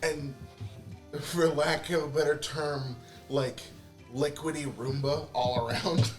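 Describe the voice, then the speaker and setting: A man's voice: fairly high pitch, fairly even intonation, slow, faint music behind. A man playing a tabletop game, describing his character's actions and laughing often. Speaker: player. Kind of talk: casual tabletop play.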